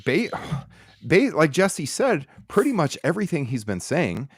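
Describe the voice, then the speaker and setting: A man's voice: fairly high pitch, unhurried, slightly rough, dry recording, clean studio sound. A man co-hosting a podcast, giving blunt, sarcastic opinions in a casual chat. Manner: blunt, sarcastic, animated ranting. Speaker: podcast co-host.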